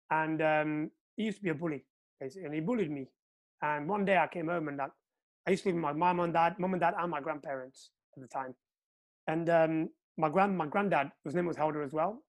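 A man from Portugal hosting a casual chat, telling a story and acting out the quotes with energy. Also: on the high side. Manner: animated storyteller, acts out quotes.

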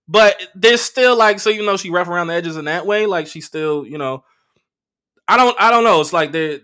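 A man's voice: sits high, moderate pace, pushed and bright, smooth. Profane, rambling man with a Los Angeles accent. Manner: profane, rambling storytelling with many fillers. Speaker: podcast host. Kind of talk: casual solo podcast monologue.

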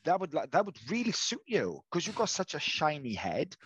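A man's voice: on the high side, huge pitch swings, moderate pace, slightly rough, dry recording. A man co-hosting a casual video call chat, teasing his co-host playfully.

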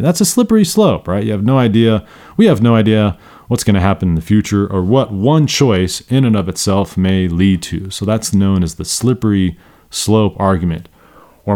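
A man teaching vocabulary in a casual spoken lesson, animated and slipping into exaggerated voices for his examples, sleep deprived. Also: fairly low pitch, normal speed.

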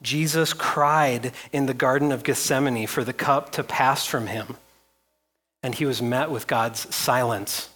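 A man's voice: medium pitch, steady tone, a little slow, pushed and bright. Guy preaching a sermon, reads scripture with build, repeats himself. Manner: reads scripture aloud with rising intensity, repeats phrases. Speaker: pastor.

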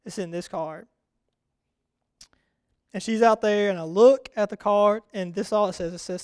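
A man preaching a sermon, chatting casually with the congregation and building to loud, rousing repetition. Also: high-pitched, normal speed, pauses often, clear, resonant tone, no room sound. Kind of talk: sermon with personal storytelling.

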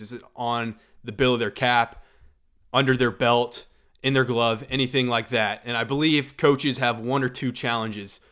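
Male sports podcast host, opinionated, mid-pitch voice, pushes back with rhetorical questions. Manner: animated, argumentative, rhetorical questions.

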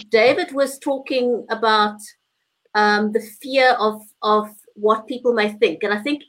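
A woman talks on a casual live stream in an earnest, slightly rambling way. She uses plenty of fillers along the way. Her voice sits a little high. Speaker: co-host.

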